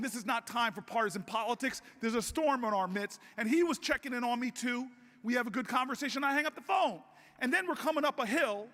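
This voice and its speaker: A man giving a convention speech, telling a story and building up to shouted rallying calls. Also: extremely high pitch. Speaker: political speaker. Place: large convention hall. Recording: long hall reverb.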